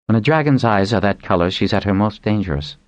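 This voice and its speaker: A man voicing a commanding, sharp-witted woman who leads dragonriders in an audiobook, speaking firmly and persuasively. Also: fairly low pitch, expressive, fast, no echo, dull audio, voice pushed up, close to an everyday voice.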